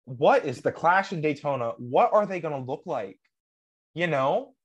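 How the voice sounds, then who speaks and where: A podcast co-host in loose, casual chat. The voice swings widely in pitch, lively and animated, often trailing off mid-thought or laughing. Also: moderate pace, husky.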